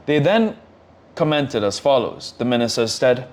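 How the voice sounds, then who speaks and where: A man reading scripture aloud in measured, short phrases. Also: medium pitch, sing-song, darkish tone. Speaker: scripture reader.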